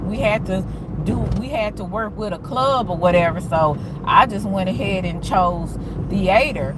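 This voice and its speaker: A woman teacher telling a story to viewers in a blunt, animated way, with slang and cursing. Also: on the high side, noisy background. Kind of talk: casual storytelling rant to viewers.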